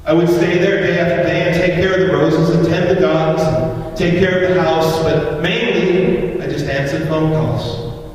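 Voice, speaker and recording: A man's voice: fairly high pitch, fairly even intonation, moderate pace, lightly acted. An actor playing a devoted elderly male family caretaker, telling a story with scorn for greedy bidders. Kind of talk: dramatic monologue. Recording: echoey hall from far off, faint ambience.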